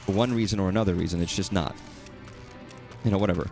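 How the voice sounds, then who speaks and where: Guy streaming a game, low voice, rambles and swears a lot, soft music behind. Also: fast, vocal fry. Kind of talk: casual gaming commentary.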